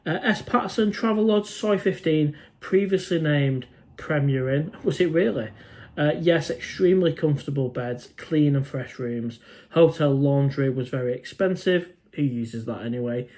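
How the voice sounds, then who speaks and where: An English man with a mid-range, slightly mellow voice hosts a casual live stream. He chats informally, reads out viewer comments and says "mate" a lot.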